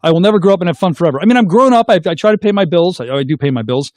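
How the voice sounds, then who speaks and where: Fast, high-voiced goofy male host. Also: no echo, studio quality. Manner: goofy, excitable, makes silly sound effects. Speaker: host of a call-in livestream show. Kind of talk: casual call-in chat.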